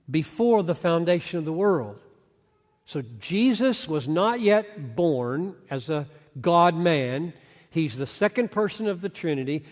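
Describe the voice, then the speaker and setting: Guy teaching bible stuff, kinda high voice, keeps asking questions and restarting, big echoey hall sound. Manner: earnest, fires rhetorical questions at listeners; restarts and stumbles mid-phrase while thinking aloud. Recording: long hall reverb.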